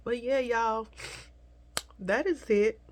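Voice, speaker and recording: A woman vlogger tearfully telling a personal story to her viewers, speaking softly and haltingly, at times dropping to a whisper. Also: on the high side. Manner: soft, halting, slips into whispers, addresses viewers as y'all.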